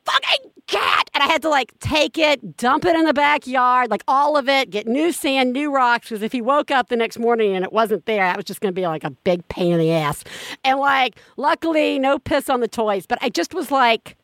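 A woman hosting a podcast, telling stories in casual chat, animated and swearing freely. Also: high voice, moderate pace, dry recording. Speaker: podcast host.

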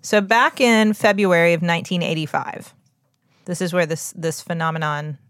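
A woman's voice: on the low side, fairly even intonation, moderate pace, a bit bright, no room sound, studio quality. A woman co-hosting a podcast, telling a story in a chatty, laughing way with plenty of fillers. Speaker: podcast co-host. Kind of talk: casual podcast chat.

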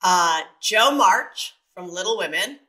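A woman from San Diego, a guest on a podcast, lively and playful, thinking aloud as she answers. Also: medium pitch, slow. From San Diego, USA. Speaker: guest, television executive. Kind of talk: casual interview chat.

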